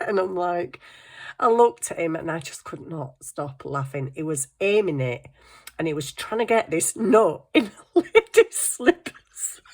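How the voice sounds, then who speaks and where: Middle-aged woman, relaxed craft-vlog chatter, quick to laugh, a touch low in pitch. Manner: chatty storytelling, laughing often. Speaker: craft vlogger. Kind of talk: casual chat.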